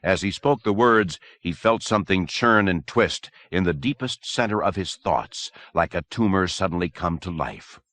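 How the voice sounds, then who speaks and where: A man narrates a novel in a measured, expressive reading. His voice is very deep but moves freely in pitch, and the recording is dry and close. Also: no echo. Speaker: audiobook narrator. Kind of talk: scripted narration.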